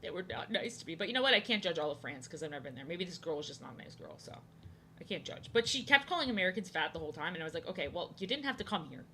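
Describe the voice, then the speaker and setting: A woman's voice: low voice, very animated, very fast, pushed and bright, slight background noise. A young woman streaming from home, rambling and joking as she draws, often repeating herself. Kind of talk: casual chat while drawing. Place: home, indoors.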